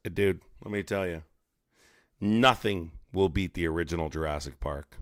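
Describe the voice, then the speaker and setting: A man's voice: low voice, normal speed, dry recording, clean studio sound. A man hosting a livestream, ranting in a profane, mocking, rambling way. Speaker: live streamer host. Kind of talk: casual ranting livestream commentary.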